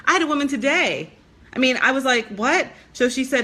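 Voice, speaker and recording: A woman's voice: on the high side, expressive, fast, bright, forceful tone. A young adult woman talking to camera as a business coach, recounting conversations in a blunt, exasperated way. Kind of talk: casual talk to camera.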